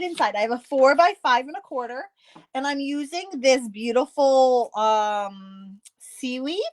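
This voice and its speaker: A woman's voice: fairly high pitch, no echo. A woman hosting a card-making tutorial, chatting casually and poking fun at herself as she works. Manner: chatty, self-deprecating, talks while working.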